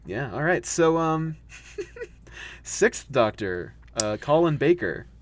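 A young American man co-hosting a podcast in casual chat, animated, often laughing and acting out quoted voices. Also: on the high side, takes it slowly, slight background noise. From United States. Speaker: podcast co-host.

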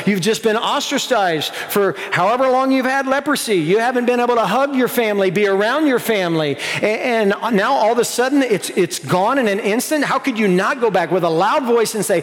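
A pastor giving a sermon, earnest and conversational, slowing down to stress key lines. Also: male voice, high-pitched. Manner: earnest, conversational preaching with slow emphatic stretches. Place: church sanctuary. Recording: long hall reverb.

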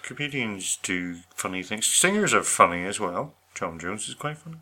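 A man's voice: lowish voice, sing-song, moderate pace, pushed and bright. A man co-hosting a casual podcast chat, bantering in a dry, teasing way. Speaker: podcast co-host.

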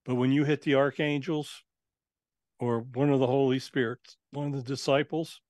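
A man's voice: mid-range voice, steady tone, normal speed, darkish tone, no room sound, clean studio sound. A man who works as a spirit channeler, a guest on an interview show, telling his experiences in a casual, earnest, matter-of-fact way.

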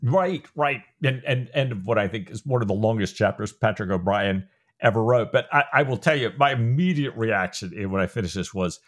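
A man with a fairly low voice talks through his reactions to a novel on a podcast. He often restarts his sentences and voices his own thoughts along the way. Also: lively intonation, fairly quick. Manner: shares reactions with restarts and 'I'm thinking' asides. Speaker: podcast co-host. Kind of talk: book discussion chat.

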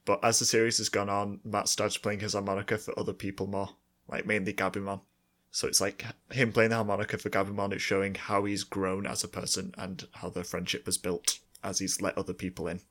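A man's voice: fairly low pitch, level tone, a little fast, fairly bright tone. A man co-hosting a casual recap podcast, wry and reflective, mixing jokes with character analysis. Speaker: podcast co-host.

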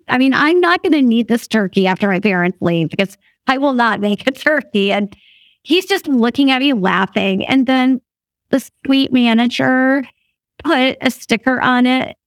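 A woman's voice: fairly high pitch, moderate pace, no room sound, studio quality. A woman in her fifties telling a story in a casual chat, laughing often and acting out what others said. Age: 50s. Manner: laughs often while talking, animated quoting of others. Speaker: guest.

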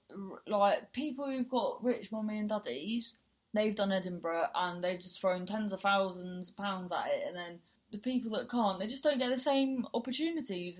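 Woman, podcast host, casual monologue, sweary, blunt, rambling. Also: medium pitch. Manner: blunt and frank, swears freely, rambling with many restarts, laughs easily.

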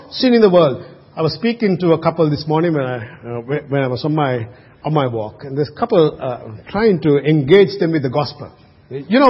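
A high, husky male voice preaching, throwing out rhetorical questions and sinking to a near-hush on key words. The sound is dull and lo-fi, with long reverb from a church hall. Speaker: pastor. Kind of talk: sermon.

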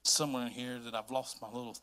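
A man from North Carolina with a Southern accent, preaching a sermon as pastor in an animated storytelling manner that repeats phrases for emphasis. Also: mid-range voice, quick pace.

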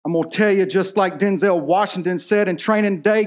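A man in his thirties preaches to his congregation, his voice sitting a little higher than most men's. He tells a story from his own life with earnest feeling, the way a pastor speaks from the pulpit. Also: a little fast. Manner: personal storytelling, emotional and earnest. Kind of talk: sermon. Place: church.

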